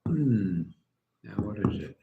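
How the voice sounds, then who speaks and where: A man's voice: on the low side, expressive, slow, vocal fry, echoey room, phone-quality sound. An older man from England hosting a live stream, chatting casually and answering viewer comments with dry humour. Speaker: livestream host.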